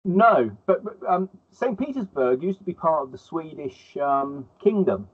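A man in casual conversation, speaking haltingly and repeating words as he gathers his thoughts. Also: on the high side, expressive, husky. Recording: tinny phone-like line.

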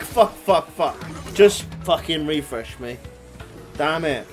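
A man giving excitable, swear-heavy let's play commentary, yelling at the game as he plays. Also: fairly high pitch, slow. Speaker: gaming YouTuber. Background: game music.

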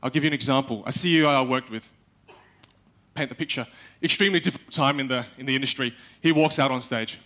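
A young man giving a live talk on stage, animated, acting out little quotes and speaking straight to the audience. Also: mid-range voice, fast talker. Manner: animated, acts out quotes, addresses the audience directly.

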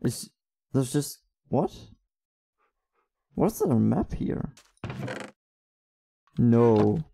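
A young man giving excitable gameplay commentary, swearing constantly and often bursting into laughter. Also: mid-range voice, drawn-out words, vocal fry, breathy edge. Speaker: gaming YouTuber.

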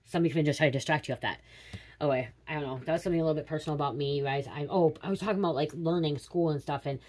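A woman in her late thirties talks through a psychic reading in a low voice. She rambles quickly and confides, with casual swearing dropped in. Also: a little mellow. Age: 30s. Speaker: tarot reader.

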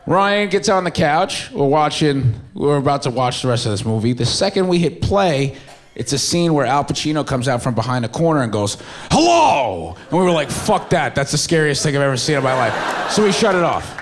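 A man's voice: on the high side, expressive, brisk. A young man with a New York accent, from Staten Island, telling a story in a stand-up set and acting out his friends' voices. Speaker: stand-up comedian. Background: audience laughter.

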